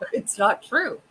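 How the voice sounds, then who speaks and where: Brief: middle-aged woman host, bright voice, swearing, exasperated casual chat. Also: slight background noise, low-quality recording. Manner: profane, exasperated, laughing often.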